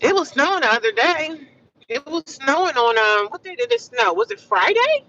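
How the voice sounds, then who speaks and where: A woman from the United States chats loosely with her livestream viewers. She is animated and repeats herself, and calls them honey and sis. Her voice is bright and forceful. It comes through a dull, lo-fi mic from a distance, with faint noise behind. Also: high-pitched, moderate pace. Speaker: livestream vlogger. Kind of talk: casual livestream chat with viewers.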